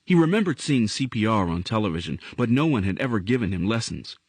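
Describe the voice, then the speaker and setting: A man reading a novel aloud as audiobook narrator, in an expressive storytelling manner. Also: lowish voice, quick pace, slightly rough, no room sound. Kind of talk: scripted narration.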